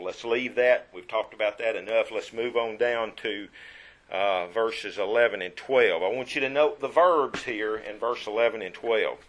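A man preaching a sermon in church. He reads scripture aloud, quizzes the congregation, and swings from hushed asides to emphatic lines. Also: on the low side, normal speed.

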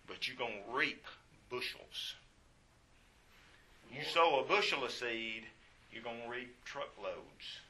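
A man's voice: mid-range voice, bright, forceful tone, husky. A man preaching a sermon in a folksy way, often repeating phrases for emphasis.

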